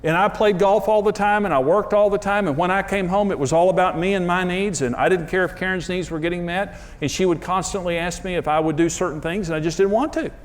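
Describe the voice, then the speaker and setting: A man's voice: quick pace, few pauses. A man giving a conversational sermon on marriage, earnest and emphatic, telling stories about himself with self-deprecating candor. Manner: earnest, emphatic storytelling with sudden pitch jumps. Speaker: marriage teacher and TV host.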